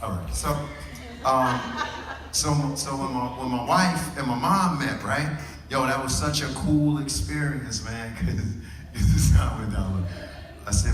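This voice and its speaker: A man's voice: mid-range voice, measured pace. Man doing stand-up in an echoey club. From New Orleans. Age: 30s. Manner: loose, animated storytelling with slangy punchlines. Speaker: stand-up comedian. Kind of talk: stand-up comedy set. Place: comedy club stage with a live audience. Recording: roomy, distant club recording with audience noise.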